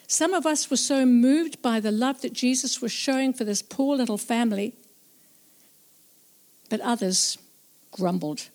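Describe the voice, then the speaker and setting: A woman narrating a Bible story as a first-person witness, slow, reflective and earnest. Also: on the high side, darkish tone.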